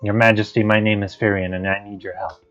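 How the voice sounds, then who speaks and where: A man's voice: fairly low pitch, flat delivery, fast, fairly bright tone, natural voice. A man reading the lines of an earnest young knight from a game, plainly. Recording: dull lo-fi stream audio, faint guitar music.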